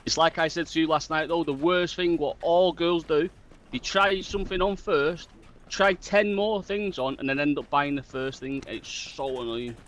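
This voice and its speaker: A man's voice: on the high side, fairly even intonation, normal speed, a bit bright. A man chatting bluntly with a teammate while they play a game together. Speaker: gaming teammate. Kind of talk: casual voice chat while gaming.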